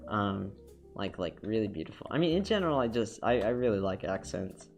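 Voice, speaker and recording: A man draws on stream and talks as he goes, his fairly low, dark-toned voice expressive and fairly quick. He rambles cheerfully, restarting sentences and filling gaps, over faint background music.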